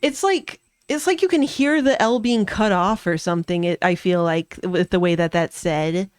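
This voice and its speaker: A woman's voice: lowish voice, normal speed, smooth, dry recording, studio quality. A woman streaming a video game, reading the dialogue aloud and joking around in a playful, giggly way. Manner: playful, giggly, jokey asides. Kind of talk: casual let's play commentary, reading game dialogue aloud. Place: home streaming setup.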